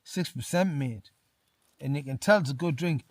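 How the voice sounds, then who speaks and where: A man's voice: on the high side, normal speed, darkish tone, no room sound. A tipsy man reviewing beers to camera from inside a small tent. He chats loosely, keeps saying "mate" and repeats himself. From England. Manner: chatty, says "mate" constantly, repeats himself. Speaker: outdoor vlogger. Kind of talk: casual beer review to camera. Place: small tent in winter hills.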